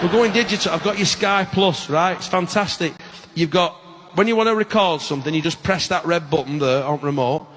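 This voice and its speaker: A man's voice: a little high, brisk, noisy background. Exasperated stand-up man. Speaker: stand-up comedian.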